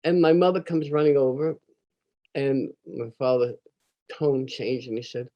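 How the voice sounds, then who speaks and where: An older man telling a personal childhood story in an animated, conversational way. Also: medium pitch, measured pace. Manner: animated, conversational, acts out quoted voices.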